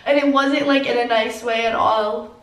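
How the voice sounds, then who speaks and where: A teenage girl vlogger telling a personal story through tears, filler-heavy and halting. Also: a little high, fairly even intonation, roomy sound, distant mic, poor audio. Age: teens. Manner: tearful, heavy use of "like". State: crying. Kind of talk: emotional storytime.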